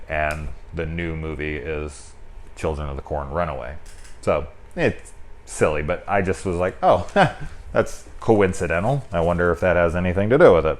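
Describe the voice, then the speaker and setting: Low-voiced man rambling through a film review. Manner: rambling, loose and candid with frequent swearing and filler "like". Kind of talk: casual spoken film review.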